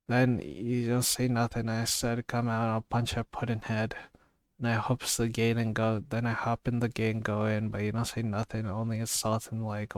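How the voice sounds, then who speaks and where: A man's voice: fairly low pitch, no echo, lightly acted. A man reading the lines of a frightened young manservant and former soldier who rambles and repeats himself. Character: young male servant, ex-soldier, frightened but blunt.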